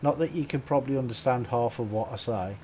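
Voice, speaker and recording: A man's voice: mid-range voice, fast, a little mellow, a little hiss or hum, low-quality recording. A man with a Brummie accent giving chatty live-stream commentary while playing, greeting viewers and laughing often. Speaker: game streamer.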